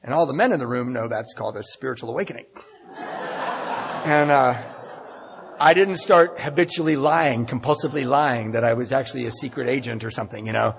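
A man's voice: medium pitch, fairly quick, vocal fry, noisy background. A man telling a personal story live in a candid, wry, self-deprecating way. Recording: long reverb in a large hall.

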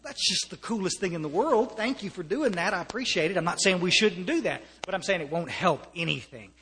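An American man speaks earnestly to a recovery meeting, with a fairly high voice. He restarts his sentences often and slips in wry humor. His voice carries a long reverb from a meeting hall. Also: lively intonation, brisk, bright, forceful tone, slight background noise. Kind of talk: personal testimony to an audience.

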